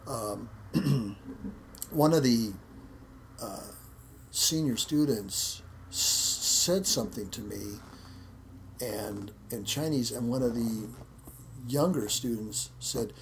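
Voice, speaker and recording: Gravelly man telling a rambling story. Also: medium pitch, slow pace, long pauses, a little hiss or hum. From United States. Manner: rambling, repeats words, acts out quotes. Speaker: interview guest, martial arts instructor. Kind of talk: casual storytelling interview.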